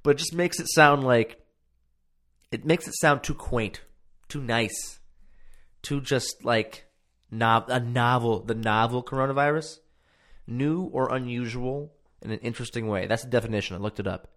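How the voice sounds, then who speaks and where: A man's voice: mid-range voice, moderate pace, fairly bright tone. A man hosting a casual solo podcast from his home podcast room, rambling and swearing freely and poking fun at himself. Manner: rambling, profane, self-mocking. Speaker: podcast host.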